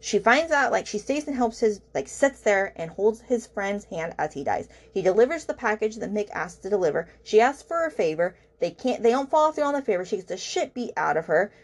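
Woman, podcast host, casual book rant, exasperated, rambling, filler-heavy, mid-pitched voice. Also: big pitch swings, brisk, few pauses.

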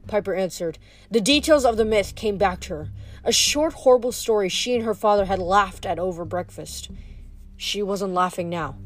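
A woman's voice: mid-range voice, normal speed, soft background music. Woman reading a novel aloud. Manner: steady reading with small stumbles. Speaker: reader.

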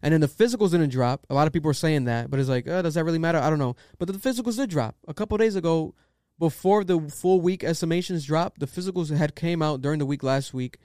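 Profane, animated male podcast host. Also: a little high, quick pace, hardly any pauses, dry recording, studio quality. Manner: loose, profane, animated opinion talk. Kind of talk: casual podcast chat.

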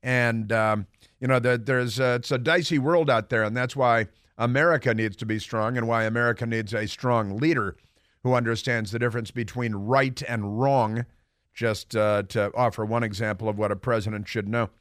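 A man's voice: medium pitch, steady tone, moderate pace, a bit bright, dry recording. Male radio host for a political monologue: sarcastic, combative, meandering, close and dry in the studio. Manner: combative, sarcastic, rambling with many fillers. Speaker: radio talk show host.

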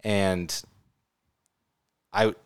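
A laid-back man co-hosting a casual couple's podcast, with a somewhat low voice. He explains things quickly and easily. The recording is dry and close. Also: little pitch movement, smooth, no echo. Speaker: podcast co-host.

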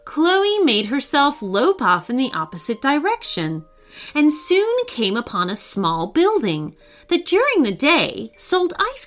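A woman narrating a children's story in a scripted, expressive way with dramatic pauses. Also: fairly high pitch.

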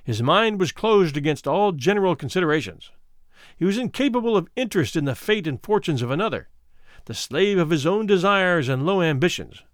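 Expressive male storyteller, lively pitch. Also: brisk, dry recording, clean studio sound. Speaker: audiobook narrator. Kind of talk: scripted narration of a classic story.

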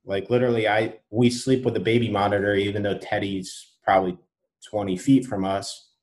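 A man's voice: on the low side, flat delivery, fairly quick, a little mellow, rough recording. A man, a new father and podcast guest, telling laid-back stories and acting out his own thoughts in casual chat.

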